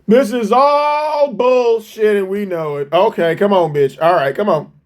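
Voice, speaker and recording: A man's voice: high voice, a little slow. A man giving profane reaction commentary, mocking and incredulous and swearing constantly.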